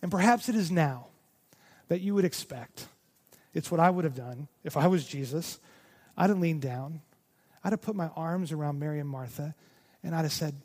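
Impassioned high-voiced male pastor. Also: moderate pace, long pauses. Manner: impassioned, swinging from loud emphasis to hushed near-whispers. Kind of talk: sermon. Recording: long reverb of a large hall.

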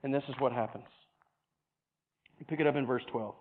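A man preaching a sermon in an animated way, stumbling over repeated words and acting out other people's voices with humor. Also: mid-range voice, a little fast. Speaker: pastor. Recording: tinny phone-like sound.

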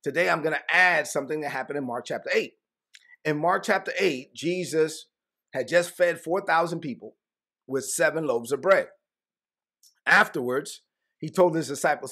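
Pastor, male, high gravelly voice, animated sermon delivery with slangy asides. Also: moderate pace. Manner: animated, acts out biblical dialogue in casual slang.

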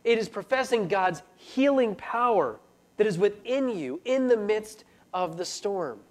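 A man with a notably high voice delivers an earnest sermon. He preaches steadily, then presses into urgent, rising pleas. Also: expressive, unhurried. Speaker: pastor.

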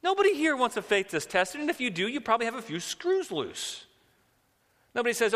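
Bright-voiced male preacher in a hall. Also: very high voice, sing-song, a little fast. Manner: conversational, acts out quotes. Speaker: pastor. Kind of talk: sermon. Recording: long hall reverb.

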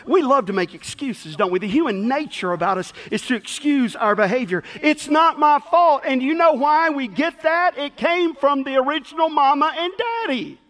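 A male pastor preaching a sermon in a folksy, animated storytelling style. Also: extremely high pitch. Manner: folksy, animated, acts out quotes.

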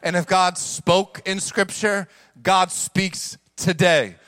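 Pastor, young man, high voice, dry close sound, animated sermon with slangy asides. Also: slow pace, no echo. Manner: animated preaching, swings between hushed asides and shouted emphasis; casual slang asides to congregation.

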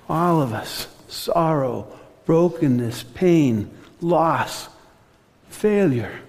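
A man preaching a sermon as pastor, earnest, slowing and softening on reflective passages. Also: a little high, creaky, long reverb tail.

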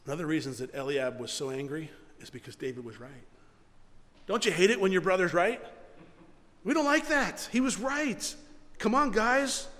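High-voiced preacher in an echoey hall. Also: male voice, normal speed. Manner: animated preaching, repeats words. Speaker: pastor. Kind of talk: sermon.

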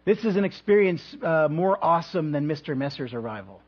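In a dull, lo-fi recording, a male pastor preaches animatedly in a church. His voice is on the higher side with a touch of huskiness, and he paces his points with thoughtful pauses and gentle humor.

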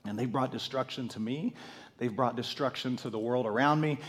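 A man, a pastor, preaching a sermon while nearly losing his voice, keeping his delivery low and mellow. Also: brisk.

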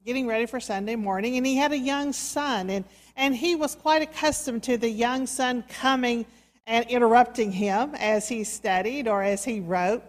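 Woman preacher telling a sermon story. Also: on the high side. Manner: slow, soft, dramatic storytelling. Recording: reverberant hall.

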